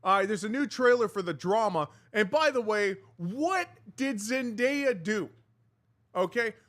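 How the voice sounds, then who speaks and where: A man hosting a casual entertainment news segment, chatting to viewers with sarcastic asides and quick reactions. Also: high-pitched, lively intonation, fairly bright tone. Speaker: news show host.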